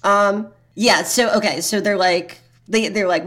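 A woman's voice: lowish voice, normal speed, hardly any pauses, fairly bright tone. A woman brainstorming in a casual comedy writers' chat, rambling through her ideas with many restarts.

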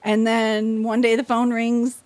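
A woman's voice: a little high, monotone, unhurried, darkish tone. A middle-aged woman speaks as a podcast guest in a chatty, storytelling way. She slips into little voices for the people she quotes and laughs as she goes.

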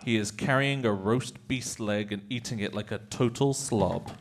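A man's voice: fairly low pitch, moderate pace, slight background noise. A man narrating stage directions in a live improv comedy show, often chuckling.

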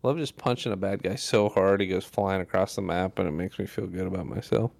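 A man co-hosting a gaming podcast in casual chat, playful and animated, often trailing off and restarting mid-sentence. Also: low-pitched, a little fast, creaky, no echo, clean studio sound. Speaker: podcast co-host.

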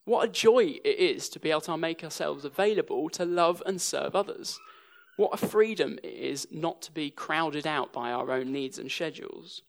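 A man's voice: a little high, lively intonation, moderate pace, vocal fry. A young English man preaching a sermon, telling stories with a dry sense of humour. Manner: dry humour woven into storytelling.

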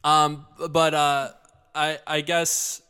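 A man in casual podcast chat, rambling and halting with lots of restarts and jokes. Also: fairly high pitch, little pitch movement, sharp tone, clean tone. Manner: rambling, halting, many likes and restarts, joking.

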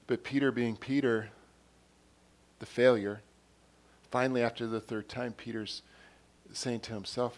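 A man delivering a sermon at a middle pitch, talking it through in a conversational way. He retells scenes by acting out bits of dialogue and often doubles back on his words as he goes. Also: steady tone, unhurried, pauses often. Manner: repeats and restarts words. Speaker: pastor.

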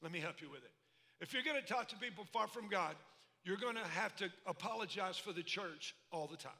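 A pastor preaches in a big hall, his voice high and bright as it rings back off the walls. He talks in a folksy, animated way, with call-and-response asides to the crowd. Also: a little fast. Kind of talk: sermon. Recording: echoey hall reverb.

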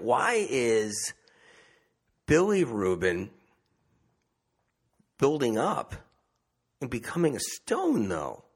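A man's voice: mid-range voice, big pitch swings, slow pace, long pauses, breathy edge. A man who works as a medium, talking in a casual, rambling monologue, repeating himself and asking rhetorical questions. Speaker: self-described medium.

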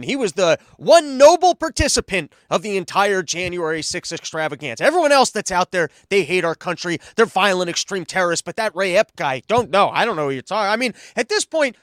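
Man, high voice, sarcastic rambling commentary, dry close sound. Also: very animated, brisk, few pauses, fairly bright tone, no room sound. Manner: mocking, rambling, sarcastic asides. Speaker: podcast host.

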